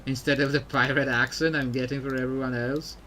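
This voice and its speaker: A man's voice: mid-range voice, little pitch movement, a little fast, pushed and bright, slight background noise. A man streaming a game, chatting casually and thinking aloud as he clicks through quests. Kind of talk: casual let's-play commentary.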